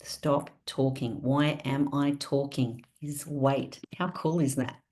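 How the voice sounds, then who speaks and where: With a bass voice and a slow pace, a woman runs a live online training for her sales team through a video call. She's chatty and spirited, asking her audience questions again and again.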